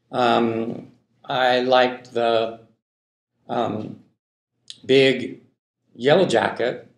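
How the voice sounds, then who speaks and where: A man's voice: mid-range voice, vocal fry. A man giving a university linguistics lecture, thinking aloud with many fillers and frequent "right?" checks to the class. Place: lecture hall. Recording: echoey lecture hall.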